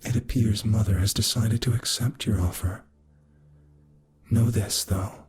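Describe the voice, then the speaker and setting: A man voicing an eerie pale spirit girl who speaks in a cold, measured, foreboding way. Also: on the low side, fairly even intonation, a little mellow, husky, pitched above the performer's own voice. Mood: ominous calm.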